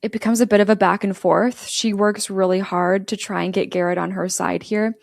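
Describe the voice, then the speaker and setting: Gravelly-voiced woman recapping a movie. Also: mid-range voice, steady tone, brisk, no echo, clean studio sound. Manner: chatty, giggly, quotes characters in passing. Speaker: podcast host recapping a film. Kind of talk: casual storytelling recap.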